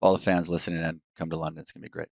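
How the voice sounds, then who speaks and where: A man's voice: extremely low pitch, flat delivery, racing, creaky, darkish tone, dry recording. A man, a former ballplayer, chatting casually as a podcast guest with a laid-back, dry teasing manner. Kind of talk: casual chat.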